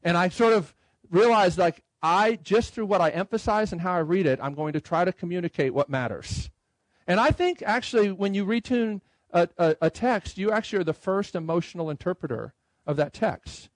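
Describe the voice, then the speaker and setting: A middle-aged man speaking at a conference about writing hymn tunes, talking in a conversational way and slowly reading lines out loud. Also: high voice, expressive, dry recording, rough recording. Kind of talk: conference talk. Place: conference room.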